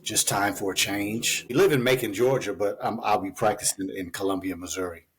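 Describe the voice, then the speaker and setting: Husky-voiced man telling his story. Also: on the low side, brisk, fairly bright tone. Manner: loose, chatty, many fillers. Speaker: physician guest. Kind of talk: conversational storytelling interview.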